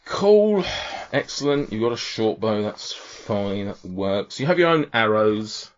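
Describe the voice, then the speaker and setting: A man's voice: lowish voice, very animated, a little slow. A man voicing a stern, impatient female tiefling who runs an archery contest, curt and officious. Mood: brisk. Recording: dull lo-fi audio.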